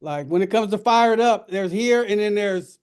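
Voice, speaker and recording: Male radio host, high-pitched, heartfelt and animated on air. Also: moderate pace, clear, resonant tone. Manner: earnest, reverent, then lively and laughing. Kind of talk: casual radio talk. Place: radio studio.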